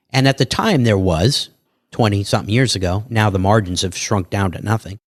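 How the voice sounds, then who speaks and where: Animated salesman-style male guest. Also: lowish voice, brisk, no echo, clean studio sound. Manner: animated salesman patter, acts out dialogue. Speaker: podcast guest, entrepreneur. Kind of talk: casual interview talk.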